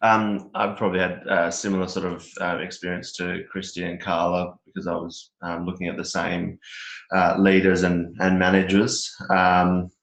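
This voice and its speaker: Deep flat-voiced halting man. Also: creaky, echoey room, low-quality recording. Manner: halting, many restarts and fillers. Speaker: team member in a check-in. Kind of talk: casual meeting check-in.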